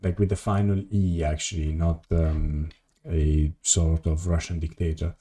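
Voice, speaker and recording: A man's voice: rumbling low, little pitch movement, a little slow, dark tone. A tired man chatting casually on a live stream as he plays, rambling and answering his viewers' messages. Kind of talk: casual live-stream chat while gaming.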